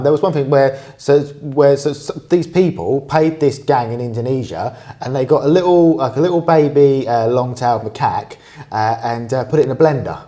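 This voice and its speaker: A man's voice: mid-range voice, moderate pace, dark tone. A man with an English accent, co-hosting a podcast in casual chat, rambling with many restarts and fillers and swearing freely. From England. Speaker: podcast co-host.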